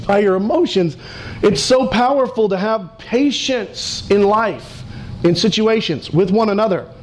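Animated high-voiced male preacher. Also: slight background noise. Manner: animated preaching, acts out quoted voices, slows for emphasis. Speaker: pastor. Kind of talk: sermon.

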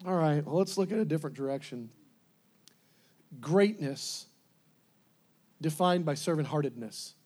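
A man preaching a sermon, animated, laughing often and acting out scenes as he goes. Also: high voice.

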